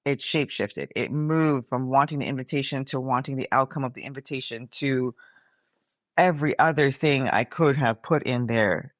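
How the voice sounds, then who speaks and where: A middle-aged woman with a bass voice hosts her own podcast at a normal speed, delivering a casual, reflective monologue. She's candid, swears freely, and calls her listeners y'all, and the audio is studio quality with no echo.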